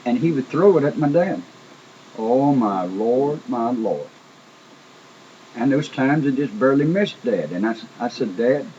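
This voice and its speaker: A man's voice: mid-range voice, warm tone. A man telling a testimony in an emphatic, folksy sermon style, often repeating words. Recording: dull lo-fi recording with faint noise.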